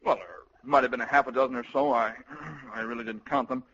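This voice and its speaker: A man plays a sly army colonel who is brisk and bossy and keeps things hushed. His mid-pitched voice is bright and forceful. The vintage radio recording sounds dull and has faint hiss. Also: fairly even intonation, close to an everyday voice. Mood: scheming. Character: sly, scheming male army colonel, middle-aged. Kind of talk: vintage radio comedy acting.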